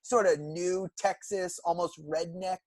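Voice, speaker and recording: A man's voice: sits high, steady tone, measured pace, no echo. Upbeat young man recapping a cartoon. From California. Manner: enthusiastic, recounts plots at length. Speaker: podcast co-host. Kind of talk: casual chat.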